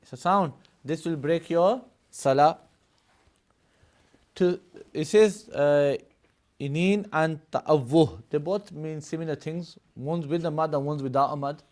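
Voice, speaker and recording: Man, classroom teacher, slightly high voice, explanatory, laughs between points, keeps asking "yes?". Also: unhurried, darkish tone. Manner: laughs often mid-explanation. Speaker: religious studies teacher. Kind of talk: live classroom lesson.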